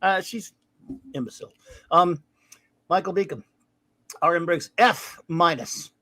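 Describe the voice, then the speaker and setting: A man's voice: sits high, a little slow, bright, forceful tone, dry recording. Wry rambling male podcast host. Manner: rambling, wry, trails off into mumbles. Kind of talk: casual review chat reading listener grades.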